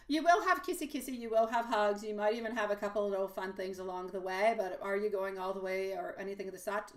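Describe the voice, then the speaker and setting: A woman's voice: mid-range voice, slight background noise. A woman hosting a live tarot reading, chatting affectionately with viewers, using pet names and laughing often. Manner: laughs often, quick asides. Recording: voice a bit distant from the mic.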